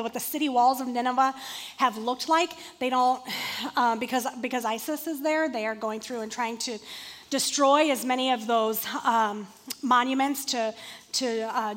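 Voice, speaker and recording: A woman preacher giving a conversational, animated sermon to a seated congregation in a room. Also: high voice, long reverb tail. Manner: conversational and animated, acting out quotes.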